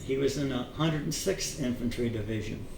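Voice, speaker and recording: An older man telling his memories in an oral history interview, halting with many fillers and restarts, chuckling now and then. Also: mid-range voice, vocal fry. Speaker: veteran interviewee. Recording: echoey room, distant mic, faint noise.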